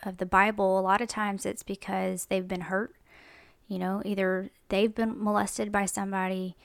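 A woman's voice: medium pitch, flat delivery, moderate pace, creaky, no room sound. A young woman talks casually about faith to her viewers, chatty and mimicking other people as she goes. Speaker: Christian vlogger. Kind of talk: casual faith talk to camera.

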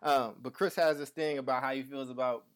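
Male podcast host, 30s, slight lisp, easy mid-pitched casual delivery. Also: steady tone, fairly quick. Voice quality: slight lisp from dental aligners. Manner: loose, talkative, restarts with slang. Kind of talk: casual live-stream chat.

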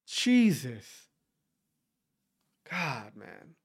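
A man rambles through a solo podcast monologue, blunt and profane. He repeats himself often, and his voice sits slightly high for a man. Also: sing-song, extremely slow, pauses often, fairly bright tone, slightly rough. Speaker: podcast host. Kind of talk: casual ranting podcast monologue.

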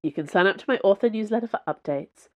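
A woman author reading her fiction aloud as a podcast host, in measured storytelling. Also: medium pitch, expressive, darkish tone. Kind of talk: audiobook narration.

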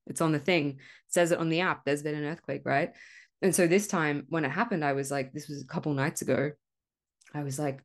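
A woman's voice: deep voice, fairly even intonation, quick pace. A young woman hosting a solo podcast, talking candidly and rambling, swearing freely and laughing at herself. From Australia. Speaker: podcast host. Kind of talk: casual solo podcast monologue.

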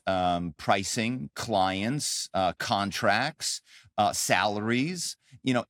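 A middle-aged man, a guest on an interview show, telling his story in an animated, conversational way with many fillers. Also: fairly low pitch, dry recording, studio quality. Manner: animated storyteller, frequent "um" and "you know". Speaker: podcast guest, author and former corporate spy.

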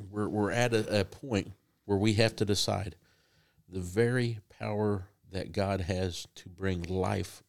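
Deep gravelly guy giving a sermon, talks loose and restarts a lot. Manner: conversational, halting preaching with restarts. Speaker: preacher.

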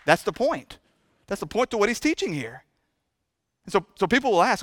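A man preaching a sermon in a church, impassioned and repetitive, moving between hushed and loud delivery. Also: high voice, big pitch swings, normal speed, pauses often, no room sound, clean studio sound. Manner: chokes up with emotion. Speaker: pastor. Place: church sanctuary.

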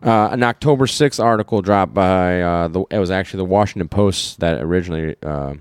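A man's voice: low-pitched, brisk, clear, resonant tone, no echo, clean studio sound. A man from Iowa co-hosting a podcast, chatting casually about politics, rambling with fillers and restarts. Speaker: podcast co-host.

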